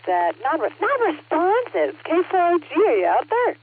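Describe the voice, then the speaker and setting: A woman working as net control on an amateur radio net, talking in a playful, teasing way with a husky voice. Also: extremely high pitch, wildly swooping pitch, moderate pace, slight background noise. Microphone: radio transceiver microphone. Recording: narrow radio transmission audio.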